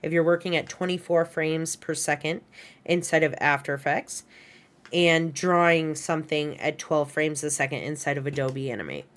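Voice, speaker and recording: A woman with a low voice walks her students through an animation lesson while working at her computer. She talks casually, fills her sentences with "right?" and "kind of", and corrects herself mid-thought. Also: a bit bright. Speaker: animation instructor. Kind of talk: recorded class lecture. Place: screen-share lesson at a computer. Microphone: headset or desk mic she adjusts.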